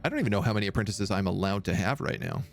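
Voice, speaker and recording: A man's voice: lowish voice, lively intonation, very fast, vocal fry. A man streaming a strategy game, musing aloud as he weighs options. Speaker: live streamer. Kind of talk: gameplay commentary. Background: game music.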